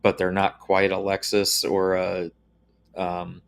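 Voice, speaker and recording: A man who is a guest expert on a tech livestream, talking in a measured way with many "uh"s and "um"s. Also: deep voice, completely flat delivery, gravelly, clear, resonant tone. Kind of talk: casual livestream chat.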